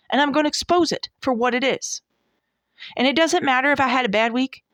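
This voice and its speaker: A woman's voice: high-pitched, a little fast, fairly bright tone, no echo, clean studio sound. Emphatic woman in her forties, folksy preaching. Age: 40s. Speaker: devotional podcast host. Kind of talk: devotional talk.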